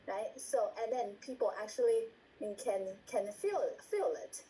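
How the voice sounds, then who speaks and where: Mellow-voiced woman coaching on a video call. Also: on the high side, lively intonation, normal speed, few pauses, a little hiss or hum, poor audio. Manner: repeats words, asks "right?" often, acts out example lines. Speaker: meeting trainer. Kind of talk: instructional talk on a video call.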